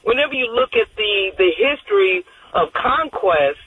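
A woman's voice: on the high side, expressive, moderate pace, husky, dry recording. A woman calling in to a radio show, talking in a rambling, earnest way with frequent restarts. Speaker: caller. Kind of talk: phone-in call. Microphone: telephone. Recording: tinny phone line.

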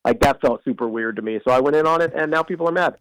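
Animated guest man on the phone. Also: medium pitch, no echo, poor audio. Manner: animated, talks fast, laughs often. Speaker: guest sportswriter calling in. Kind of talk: phone-in radio interview. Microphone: phone line.

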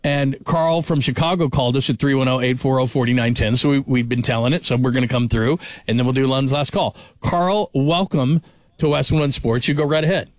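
A man hosting a sports radio show, excitable and full of big praise. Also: medium pitch, fairly quick, dry recording.

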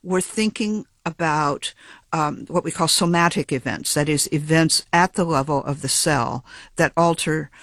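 A geneticist in an interview, a man explaining his research with measured, precise academic phrasing and the odd small restart. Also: a little high, fairly bright tone, no echo.

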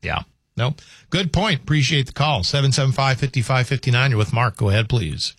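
A man's voice: medium pitch, a little fast, a bit bright, breathy edge, no room sound, studio quality. A man hosting a call-in radio show, giving short agreeable replies and moving on to the next caller. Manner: brief, agreeable responses. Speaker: radio host.

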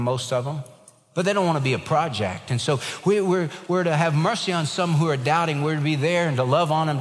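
A man delivers a sermon in an earnest preaching style, his voice sitting a bit high for a man. His words ring out with a long hall reverb around them, and his emphasis rises and falls as he drives points home. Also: a bit bright. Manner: earnest preaching, varied emphasis, tells jokes. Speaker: pastor.

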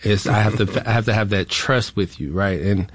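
Low-voiced hesitant man, dry sound. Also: normal speed, dry recording. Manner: hesitant, many "uh" and "right?". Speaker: interview guest, veteran. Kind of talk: interview conversation.

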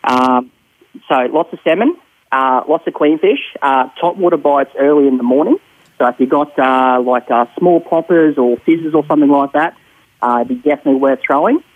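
A man's voice: a little high, moderate pace, no echo, narrow, tinny audio. Laid-back Australian fishing reporter, man. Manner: relaxed, rambling, many fillers. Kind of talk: phone-in radio fishing report.

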